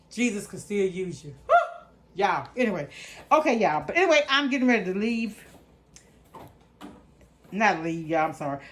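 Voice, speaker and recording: A woman's voice: fairly high pitch, a bit bright. A middle-aged woman walks through her grocery haul. She keeps it casual and chatty and talks straight to her viewers as "y'all", in an easygoing, folksy way. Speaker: vlogger.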